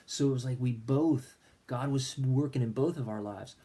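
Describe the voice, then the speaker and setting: Earnest middle-aged man, mellow voice. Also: medium pitch, fairly quick, hardly any pauses, slightly rough. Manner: earnest storytelling, acting out his own prayers. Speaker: minister. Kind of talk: personal faith testimony vlog.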